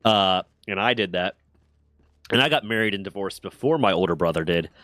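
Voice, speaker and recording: A man's voice: low voice, a little fast, fairly bright tone, no echo. A man from the United States chatting casually on a stream, joking crudely and swearing freely. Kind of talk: casual chat.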